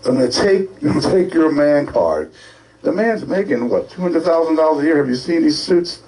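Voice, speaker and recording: A male co-host from ranting in an animated, scolding, sarcastic way on a talk show. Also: fairly high pitch, fairly quick, creaky, rough recording. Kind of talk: opinionated talk-show rant.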